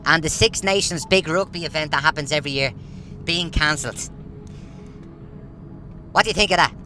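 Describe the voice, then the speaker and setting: A man's voice: on the high side, moderate pace, long pauses, sharp tone, soft background music. A man, ranting in a casual monologue full of rhetorical questions. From Ireland. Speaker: vlogger.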